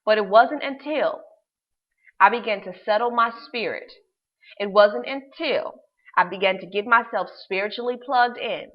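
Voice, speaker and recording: A woman's voice: mid-range voice, moderate pace, muffled recording. A woman life coach telling a personal story to her class in a casual, emphatic way, repeating words for stress and using slang.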